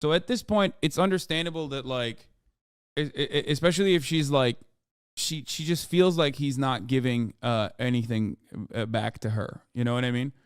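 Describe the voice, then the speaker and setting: A man's voice: medium pitch, moderate pace, clear, resonant tone, dry recording, clean studio sound. Resonant-voiced man commenting emphatically. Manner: emphatic, stresses points with "okay?". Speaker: streamer. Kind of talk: reading text messages aloud and commenting.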